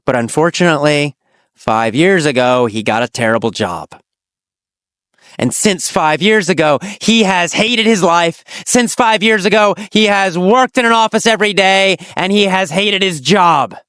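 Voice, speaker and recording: An English teacher telling a teaching story, asking simple questions and answering them, with slow, exaggerated storytelling and dramatic pitch swings. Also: animated, fairly bright tone, smooth, no room sound, studio quality.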